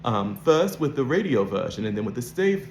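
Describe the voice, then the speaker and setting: A man's voice: mid-range voice, big pitch swings, fairly quick, echoey room, slight background noise. A man coaching an accent, explaining and demonstrating sounds in a lesson.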